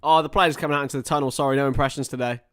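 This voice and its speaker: A young man hosting a live match watchalong, chatting casually and rambling between topics, with excited bursts of play-by-play. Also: medium pitch, racing, smooth. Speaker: livestream host.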